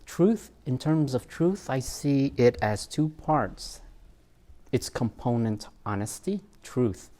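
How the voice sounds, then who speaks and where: A man's voice: mid-range voice, animated, takes it slowly, warm tone. A man, a therapist, giving an informal talk on parenting, reflective and self-mocking, with frequent fillers and laughs.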